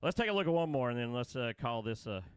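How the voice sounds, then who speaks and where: A man's voice: medium pitch, fast talker, smooth, no room sound. Casual male co-host, drawl, rambling storyteller, dry studio mic. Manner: rambling, laughing, excitable storytelling. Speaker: podcast co-host. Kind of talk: casual chat.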